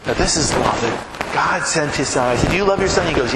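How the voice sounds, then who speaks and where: A man's voice: fairly high pitch, quick pace. A man preaching as a pastor, telling a story conversationally and acting out both sides of the dialogue. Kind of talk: sermon storytelling. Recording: echoey hall with background noise.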